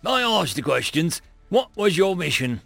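A man's voice: high-pitched, very animated, a little slow, creaky, pushed and bright, dry recording, soft background music, voice pushed up, exaggerated voice. A man voicing an irritable alien mercenary who sneers and threatens a prisoner, in a story reading. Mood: menacing.

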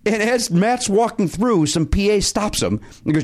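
A man's voice: sits high, expressive, moderate pace. A man co-hosting a podcast, telling a rambling anecdote in casual chat and acting out the quotes. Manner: rambling storyteller who acts out quotes. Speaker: podcast co-host.

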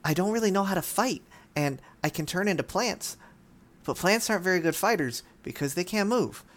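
A man narrating a tabletop game as game master, animated and self-deprecating. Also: sits high, fairly quick.

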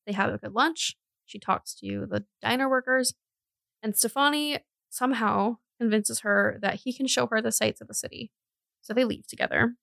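A woman's voice: on the high side, gravelly, fairly bright tone, no echo. A young woman co-hosting a podcast, telling a true-crime story in a chatty way, with lots of fillers and self-corrections. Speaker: podcast co-host.

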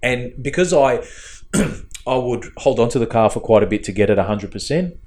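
An Australian man with a medium-pitched, expressive, slightly mellow voice speaks a little fast. He co-hosts a casual podcast, works as a fabricator and tuner, and is telling a long, rambling story while acting out the quoted dialogue.

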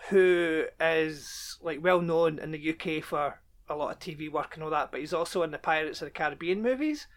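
A man's voice: fairly high pitch, a little fast. Laid-back man chatting. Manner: laid-back, chuckling, many ums. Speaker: podcast co-host. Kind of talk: casual chat.

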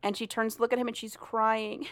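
A woman's voice: a little high, flat delivery, brisk, no room sound. A woman casually recounting a story, swearing and laughing, sometimes reading out the characters' lines. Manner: chatty, swears and laughs while retelling.

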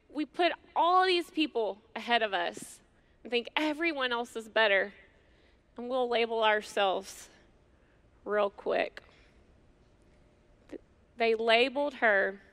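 A middle-aged woman preaching a sermon to women, earnest and conversational, with slow, emphatic pauses. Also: fairly high pitch, fairly bright tone. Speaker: women's ministry speaker.

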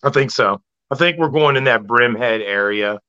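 Lively laughing man on a lo-fi line. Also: mid-range voice, normal speed. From Maryland, US. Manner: animated storyteller, laughs often, swears freely. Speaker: podcast guest. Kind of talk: casual podcast chat. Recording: dull lo-fi remote audio.

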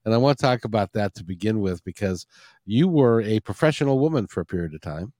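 Brief: man, talk radio host, upbeat and rambling, very animated pitch, dry close sound. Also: fast, dry recording. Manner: enthusiastic, chatty, rambling.

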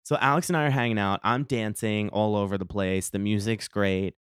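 A young adult man hosting a solo podcast, telling an animated, profane story full of quoted dialogue. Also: lowish voice, brisk, clean tone, dry recording, clean studio sound. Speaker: podcast host.

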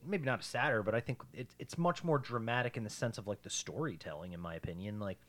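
A man's voice: on the low side, fast, a bit bright. A man co-hosting a casual movie-chat podcast, chatty and playful, hedging his points with lots of "like". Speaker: podcast co-host.

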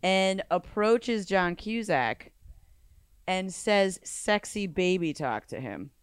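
A woman's voice: mid-range voice, animated, slow pace, clear, resonant tone, no room sound, clean studio sound. A woman co-hosting a casual movie review podcast, sardonic and incredulous. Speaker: podcast co-host.

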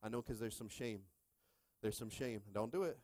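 A middle-aged male pastor preaching a sermon with animated call-and-response, shifting between hushed talk and shouts. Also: lowish voice, normal speed, dry recording.

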